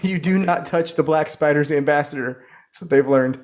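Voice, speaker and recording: A man playing in a tabletop role-playing game, halting and repeating himself as he declares his moves. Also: fairly high pitch, a little mellow. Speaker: player. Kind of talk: tabletop game play, casual chat.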